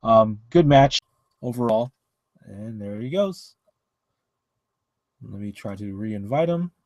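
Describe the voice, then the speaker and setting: A man's voice: lowish voice, expressive, slow pace, darkish tone, dry recording, lo-fi sound. A man co-hosting a casual wrestling podcast over an online call, rambling with many fillers and restarts. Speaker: podcast co-host.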